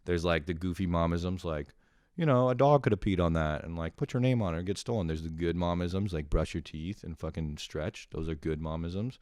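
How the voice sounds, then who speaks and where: A man hosting a comedy show, telling rambling stories in a profane, animated, casual way. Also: low voice, fairly quick, dry recording, clean studio sound. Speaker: comedian host.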